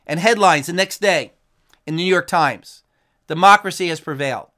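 A man with a fairly high voice preaches in earnest, pressing his points home. He reads out verses and quotes in a steady, emphatic delivery. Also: normal speed. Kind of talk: sermon with scripture and news quotes.

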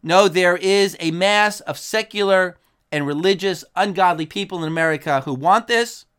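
A man with a fairly high voice preaches in earnest, pressing his points home. He reads out verses and quotes in a steady, emphatic delivery. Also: moderate pace, clear, resonant tone. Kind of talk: sermon with scripture and news quotes.

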